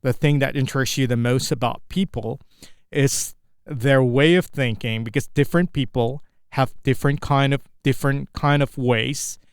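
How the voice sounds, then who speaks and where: A young Indonesian man, a native Indonesian speaker, practicing spoken English on his own, often halting and correcting himself while he searches for words, with an Indonesian accent. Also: mid-range voice, fairly even intonation, smooth, dry recording, studio quality. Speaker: English learner.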